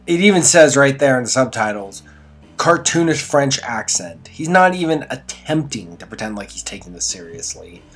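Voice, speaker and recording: A man talks through a TV episode in a loose, rambling review, pitched at an ordinary middle height for a man. He drops dry, sarcastic jabs between plot points. Faint music sits quietly behind his voice. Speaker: show reviewer. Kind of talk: casual spoken review.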